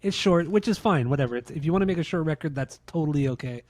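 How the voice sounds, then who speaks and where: A man's voice: on the high side, expressive, fast, darkish tone, dry recording. A man in his late thirties co-hosting a podcast, talking bluntly and profanely and repeating himself to drive points home. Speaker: podcast co-host. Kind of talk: casual podcast chat, ranking albums.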